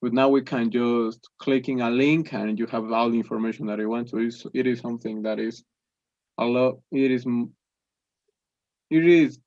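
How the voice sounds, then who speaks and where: A man's voice: medium pitch, steady tone, moderate pace, darkish tone, dry recording. Casting: young man, native Spanish speaker, hesitant learner English full of restarts, dry close sound, dull lo-fi call audio. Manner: hesitant, many restarts and fillers. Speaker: English student. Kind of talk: conversation practice.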